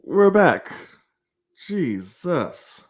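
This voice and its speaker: A man hosting a live sports show rants on a livestream, his voice sitting high and his delivery very slow. He is animated and profane, airing heated opinions and speaking directly to viewers.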